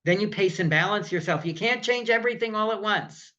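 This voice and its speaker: A man giving a relaxed, conversational workshop talk to caregivers, illustrated with comic strips. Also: high-pitched, fairly quick. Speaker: presenter on caregiver stress. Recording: slightly muffled recording.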